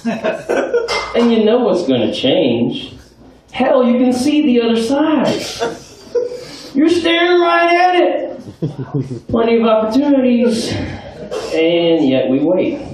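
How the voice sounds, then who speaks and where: A man's voice: very high voice, big pitch swings, slow, pauses often, crowd noise, voice pushed up, full character voice. A man voicing a grumpy old man driver who lays out his reasoning. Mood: earnest. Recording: echoey bar, far mic, noisy.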